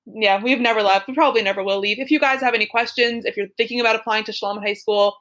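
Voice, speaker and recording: A young woman with a fairly high voice tells a story on her podcast. She chats casually and giggles often, peppering her talk with "like" and "super". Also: steady tone, racing, a bit bright. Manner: chatty, giggly, lots of "like" and "super". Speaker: podcast co-host. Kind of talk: casual chat, telling a personal story.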